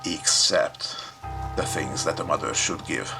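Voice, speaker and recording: A cruel, furious mother from a story game, harsh and loud, as a man voices her. The voice is gravelly, with music behind. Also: very deep voice, a little slow, exaggerated voice. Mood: angry. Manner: cold, then shouting.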